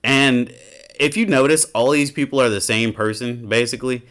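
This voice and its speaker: A man's voice: medium pitch, steady tone, moderate pace, fairly bright tone. A man doing a casual reaction commentary as a gaming YouTuber, ranting and swearing in an exasperated way.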